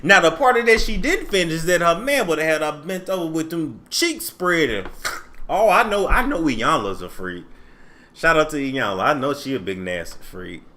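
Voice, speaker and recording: Animated high-voiced man chatting gossip. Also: moderate pace. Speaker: commentary vlogger. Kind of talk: casual reality TV commentary.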